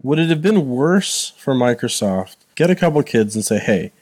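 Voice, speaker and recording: A man's voice: mid-range voice, lively intonation, moderate pace, darkish tone, dry recording. A man co-hosting a podcast, chiming in with wry, laid-back comments in casual chat. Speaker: podcast co-host.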